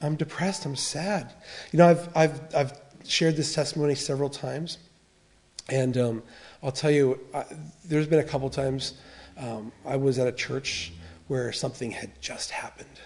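A man's voice: mid-range voice, steady tone, moderate pace, a little mellow. A middle-aged man, a pastor, preaching a sermon and sharing a candid, confessional personal testimony with frequent restarts.

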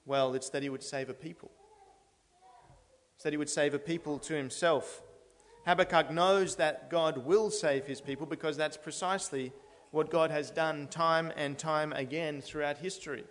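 A man's voice: on the high side, steady tone, normal speed. A man with a slightly raised voice preaches an earnest sermon in a church. He builds steadily toward emphatic declarations. His words ring out with the long reverb of a large hall. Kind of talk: expository sermon.

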